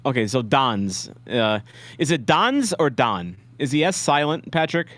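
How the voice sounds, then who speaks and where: A man's voice: mid-range voice, lively intonation, normal speed, a bit bright, no room sound. A man hosting a live-stream watch-along, chatting casually with viewers in a rambling, self-deprecating way with many restarts. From St. Louis, USA. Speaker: livestream watch-along host.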